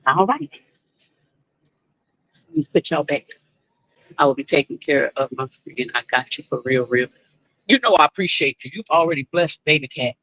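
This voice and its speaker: A woman's voice: sits low, lively intonation, moderate pace, pauses often, fairly bright tone, husky, dry recording, poor audio. Chatty woman live-streaming to viewers. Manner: chatty, talks straight to viewers and laughs often. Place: shop checkout, then at home.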